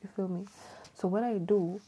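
Soft-spoken woman podcast host, whispering at times. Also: medium pitch, fairly even intonation, normal speed, slightly rough, highs cut off. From Kenya. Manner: chatty, laughs often, repeats words. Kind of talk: casual podcast chat, half whispered. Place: home at night, people asleep.

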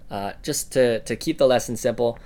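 A man co-hosting a casual lesson podcast, giving example words in a relaxed way with plenty of "uh" and "um". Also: medium pitch, normal speed. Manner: relaxed, with frequent "uh" and "um".

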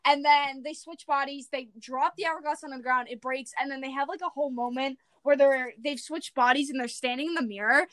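A woman's voice: sits high, fairly even intonation, fairly quick, hardly any pauses, fairly bright tone, no room sound. A young adult woman hosting a podcast, recapping a movie in casual chat, rambling with many fillers. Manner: rambling, lots of fillers, acts out quotes. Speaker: podcast host.

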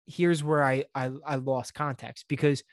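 A man's voice: mid-range voice, fairly even intonation, measured pace, no room sound. Joking man from New York, dry close mic. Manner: joking, laughs often, slips into mock voices. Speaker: podcast co-host. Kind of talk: casual comedic chat.

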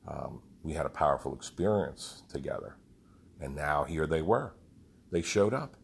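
A man's voice: very deep voice, expressive, normal speed, vocal fry, slight background noise. A man who leads a group fitness program, telling a rambling, heartfelt story with some swearing. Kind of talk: casual storytelling monologue.

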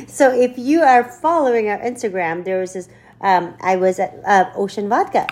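Animated woman telling a wild story. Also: fairly high pitch, a little slow. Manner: animated, laughing, swearing storyteller. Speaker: podcast co-host. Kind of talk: casual storytelling chat.

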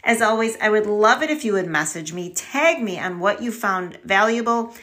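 Woman podcaster telling a story, bright voice, pitch jumps all over, chatty and direct with listeners. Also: expressive, moderate pace. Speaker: podcast host. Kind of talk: casual storytelling monologue.

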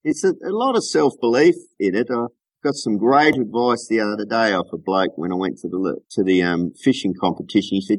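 A man's voice: fairly low pitch, animated, fairly quick, no echo. An Australian man chatting casually as a podcast guest over a remote call, laid-back and full of local slang. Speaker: guest lure maker.

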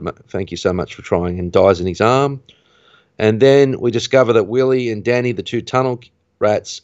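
A man hosting a podcast, casually recapping a film plot in an animated way, his voice rising at the tense moments. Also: mid-range voice, dry recording. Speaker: podcast host. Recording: dull, dry lo-fi recording.

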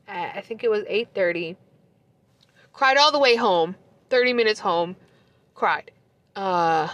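A woman's voice: mid-range voice, a bit bright, no room sound. Young woman venting about her ex, cussing, emotional, close to crying, dry room. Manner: emotional, swears a lot, laughs through tears. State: close to tears. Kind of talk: casual confessional storytime.

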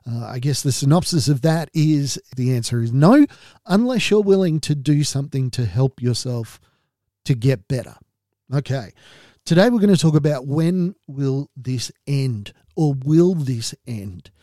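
A man's voice: mid-range voice, lively intonation, unhurried, warm tone, no echo, clean studio sound. An Australian man hosting a podcast, talking candidly and earnestly about his own experience, with a wry edge. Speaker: podcast host. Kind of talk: personal podcast monologue.

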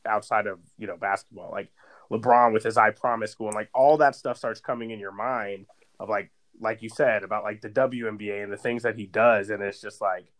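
A man with a somewhat low voice, chatting on a podcast. He rambles through a personal story with constant fillers and "like" in a casual, conversational way. Sounds like a guy in his thirties. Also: steady tone, brisk, fairly bright tone, low-quality recording. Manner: rambling storytelling, heavy use of "like". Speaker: podcast co-host.

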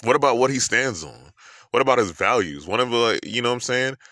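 A man's voice: mid-range voice, animated, brisk, sharp tone, no room sound, studio quality. A man with a New York accent ranting about love in a profane, emphatic monologue full of rhetorical questions.

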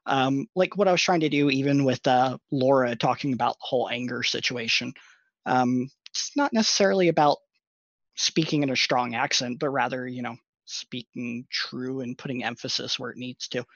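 A man's voice: medium pitch, moderate pace, a bit bright, no room sound, lo-fi sound. A man in a casual chat, speaking thoughtfully and measuredly with frequent fillers. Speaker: tabletop game player.

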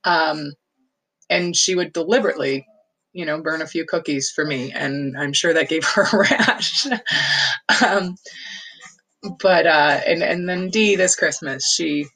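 A woman with a somewhat low voice tells a fond family memory in a loose, rambling way. She laughs often and fills her pauses with ums and uhs. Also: a bit bright, rough recording. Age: adult. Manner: rambling, frequent laughter and fillers; fond, nostalgic recollection. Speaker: storyteller. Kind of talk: casual personal storytelling.

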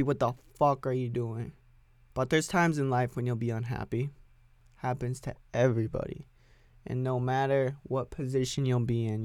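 A man's voice: medium pitch, gravelly, dry recording. Profane rambling young man podcasting solo. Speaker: podcast host. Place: home music recording setup.

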